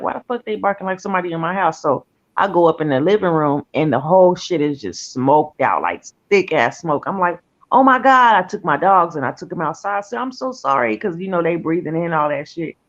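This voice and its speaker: Brief: woman, casual and profane, animated retelling, muffled lo-fi audio. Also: low voice, a little fast. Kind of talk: casual chat, storytelling.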